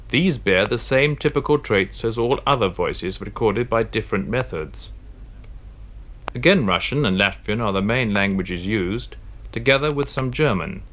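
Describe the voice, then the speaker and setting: A man reading scripted documentary narration in a measured, formal way. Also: fairly low pitch, fairly bright tone, slight background noise.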